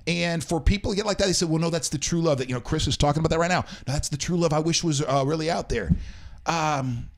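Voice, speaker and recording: A man's voice: on the high side, fast talker. A man hosting a casual talk show, reading out quotes and rambling with frequent self-corrections. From American South. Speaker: show host. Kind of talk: casual radio show chat.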